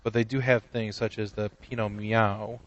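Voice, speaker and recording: A man's voice: lowish voice, flat delivery, normal speed, highs cut off. Rambling joking male podcast host. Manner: rambling, joking, many restarts. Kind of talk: casual comedy chat.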